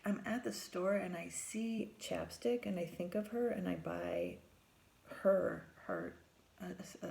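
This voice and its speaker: A middle-aged woman tells a personal story in a low voice with a gravelly edge. She speaks as a therapist recalling her work. She acts out her own lines a step higher and sinks to a hushed whisper for her private thoughts.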